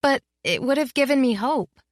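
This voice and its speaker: A young female student, played by a woman narrator, earnest and indignant, pushing back despite her fear. The voice rises brighter than the narration, recorded dry and close. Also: high voice, lively intonation, normal speed, no room sound, voice pushed up. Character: young woman student, defiant but scared.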